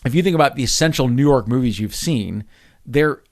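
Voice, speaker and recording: Man, podcast co-host, casual film chat, mid-pitched, articulate, quick bursts. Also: expressive.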